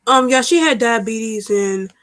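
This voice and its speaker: A woman calling into a live panel, soft and hesitant, unwell with covid. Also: a little high, lively intonation, a little slow. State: sick with covid. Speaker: caller.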